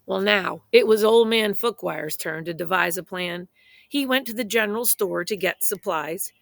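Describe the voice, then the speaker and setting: A woman reading a children's picture book aloud in a playful, expressive way, speaking straight to young listeners. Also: mid-range voice, normal speed, creaky, dry recording. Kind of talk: children's story read-aloud.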